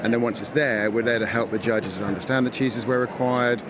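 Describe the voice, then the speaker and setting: A man explaining his work as a cheese curator in measured, patient interview answers. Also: mid-range voice, steady tone. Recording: loud background noise.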